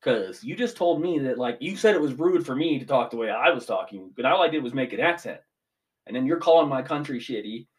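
A man's voice: mid-range voice, lively intonation, fairly quick. A young man in his twenties ranting casually as a podcast co-host, swearing freely. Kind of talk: casual chat.

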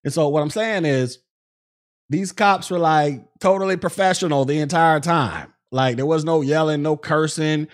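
A man's voice: fairly high pitch, moderate pace. Casual man recounting events. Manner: conversational, recounts events with many fillers and acted-out quotes. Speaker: podcast host. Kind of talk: casual commentary.

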